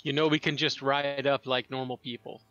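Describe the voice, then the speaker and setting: A man chats casually as a player in a tabletop game, making jokes at his own expense. His mid-pitched voice is bright and sharp. Music plays faintly underneath. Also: flat delivery, a little fast, no echo, highs cut off.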